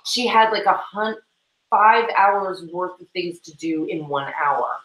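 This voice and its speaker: Here a woman with a fairly low, fairly bright voice co-hosts a laid-back livestream chat as she cleans tack. She rambles and giggles, with quick asides throughout. The audio is roomy and rough.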